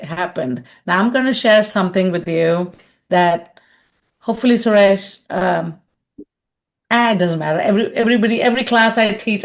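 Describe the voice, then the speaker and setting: A woman leadership consultant giving a webinar, telling personal stories in a chatty way and often tagging her sentences with "right?". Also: fairly low pitch. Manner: chatty storyteller, tags lines with "right?".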